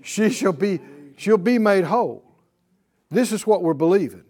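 A man's voice: high-pitched, animated, normal speed, darkish tone. A man teaching a Bible class, speaking emphatically, repeating his points and quizzing his students.

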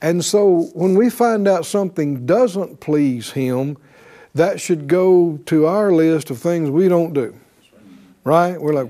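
A man's voice: a little high, slow pace, warm tone. A man preaching a sermon, emphatic, often asking his listeners "right?" and reading scripture aloud. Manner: emphatic, calls for responses with "right?"; reads scripture aloud, shifts into voiced quotes.

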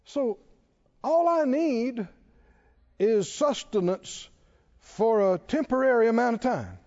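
Animated preaching man, high lively voice. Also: takes it slowly, highs cut off. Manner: animated preaching, repeats phrases, quotes scripture. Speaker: pastor. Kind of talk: sermon.

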